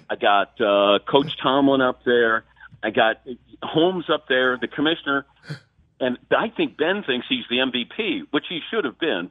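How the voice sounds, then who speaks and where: Sportscaster guest from Ohio, phone-in, animated storyteller; tinny line, no room sound. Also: male voice, medium pitch, dry recording. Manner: animated storyteller, acts out quotes. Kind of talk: phone-in radio interview, storytelling.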